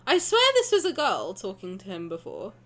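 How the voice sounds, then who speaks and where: A young woman streamer reacting to a game with excitable, casual commentary. She swears and laughs often. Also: medium pitch, moderate pace, soft background music.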